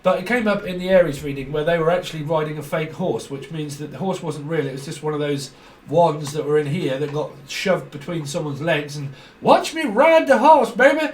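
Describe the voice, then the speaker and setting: A man's voice: fairly high pitch, brisk. Jokey man, roomy and distant. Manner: freewheeling, jokey, laughs often. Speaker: tarot reader. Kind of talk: rambling solo tarot reading. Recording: roomy echo from a distant mic.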